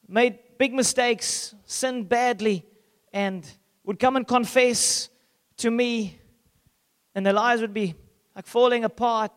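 Preaching with passion, a male pastor with a strikingly high voice shifts between loud, urgent declarations and soft, hushed lines, briefly acting out the scripture characters in quick asides. His intonation is fairly even and his tone smooth, with a big-room sound.

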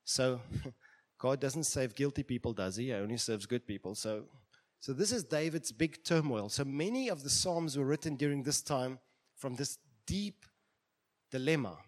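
A man preaching a sermon with a dramatic delivery, acting out the voices in the stories he tells and swinging from quiet, low lines to loud ones. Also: expressive, moderate pace.

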